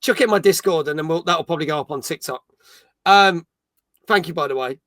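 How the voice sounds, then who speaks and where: A middle-aged podcast host chats casually on a gaming stream, cracking jokes and reading chat comments aloud. He talks briskly in a slightly high, somewhat bright voice. Studio-quality sound with no echo.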